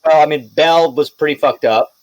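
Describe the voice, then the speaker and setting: A man's voice: a little high, fairly quick, no room sound, poor audio. A man narrating as game master of a tabletop game, casual and loose, swearing and laughing now and then.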